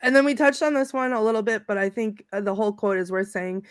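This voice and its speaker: A woman's voice: medium pitch, fast talker, clean tone, no echo, clean studio sound. A middle-aged woman on a podcast panel, chatting casually, laughing often and reading favorite movie quotes aloud with relish.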